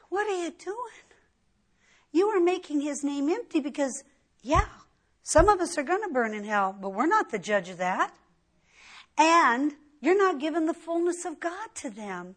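A woman's voice: high voice, big pitch swings, a little slow. A middle-aged woman preaching a sermon as a Bible teacher, earnest and emphatic, pushing her voice up sharply to stress a point.

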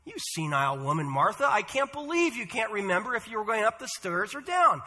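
A smug, sarcastic elderly woman, as a man puts her on, muttering in a sharp, bright voice. She sounds scornful and sure of herself. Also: sits high, sing-song, a little fast, in a large hall, full character voice.

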